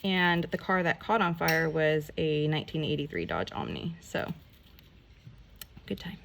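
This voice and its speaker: A woman telling a rambling, animated story in a casual storytime vlog while she does her nails, full of "like" and mild swearing. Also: deep voice, moderate pace, slight background noise. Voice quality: gravelly, creaky voice. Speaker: nail vlogger.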